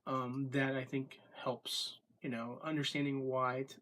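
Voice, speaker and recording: A man's voice: medium pitch, little pitch movement, a little slow, fairly bright tone. A man hosting his daily vlog in a casual, rambling way, with many ums and self-corrections, and the hiccups. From Florida. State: has the hiccups. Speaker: vlogger.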